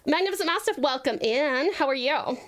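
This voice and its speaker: Woman streamer, casual rambling chat, a bit high-pitched, drifts into a Valley Girl lilt. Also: animated, brisk. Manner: chatty, rambling, reacts to chat. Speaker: VTuber streamer.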